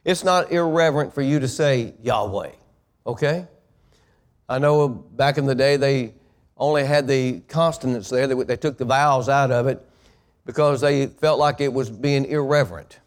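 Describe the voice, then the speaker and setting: A pastor delivers a sermon, having the congregation repeat after him before building into loud, emphatic preaching. His voice is mid-range and his pace moderate.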